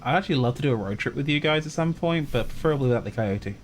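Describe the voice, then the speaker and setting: A man's voice: mid-range voice, expressive, racing, a little hiss or hum. A man chiming in with jokes during a casual podcast chat. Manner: joking, chiming in. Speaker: podcast co-host.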